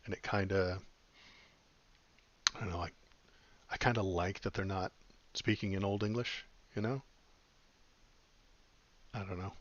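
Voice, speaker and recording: A man's voice: deep voice, steady tone, unhurried, pauses often, dull audio. A man hosting a podcast in casual chat, rambling and wry with lots of fillers. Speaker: podcast host.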